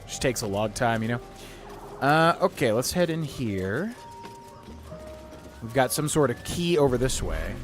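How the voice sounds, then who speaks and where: A man streaming a role-playing game, chatting casually and reading in-game text aloud. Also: mid-range voice. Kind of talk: casual gameplay commentary.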